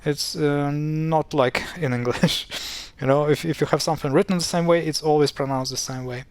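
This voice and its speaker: A man's voice: a little high, steady tone, normal speed, smooth, no room sound. Chatty man explaining pronunciation. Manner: chatty, exasperated at mispronunciations, frequent fillers and restarts. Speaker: language explainer. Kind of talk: casual screen-share explainer.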